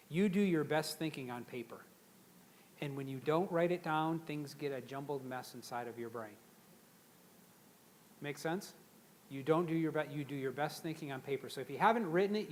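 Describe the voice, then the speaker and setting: A man giving a live motivational seminar to an audience, energetic and conversational, drawing the crowd in to repeat words after him. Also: on the high side, slight background noise. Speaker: seminar speaker.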